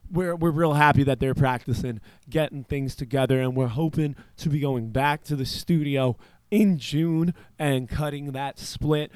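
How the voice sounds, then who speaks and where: A man's voice: on the high side, a little mellow, smooth, dry recording. A man hosting a radio show, chatting casually and rambling, with swearing dropped in. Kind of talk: casual chat.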